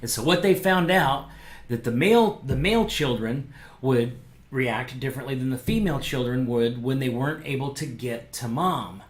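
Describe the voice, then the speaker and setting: A man's voice: mid-range voice, moderate pace, reverberant. A man, a pastor, leading a casual small-group Bible lesson for online viewers, talking conversationally and acting out quotes. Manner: animated, acts out quotes, conversational fillers. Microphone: microphone, streamed to viewers.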